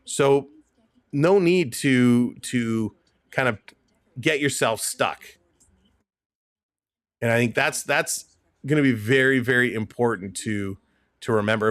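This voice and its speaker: A man's voice: medium pitch, a bit bright, no echo, studio quality. A man hosting a live hockey stream, talking casually and emphatically, repeating points and answering chat messages. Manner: chatty, emphatic, repeats himself. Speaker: livestream host.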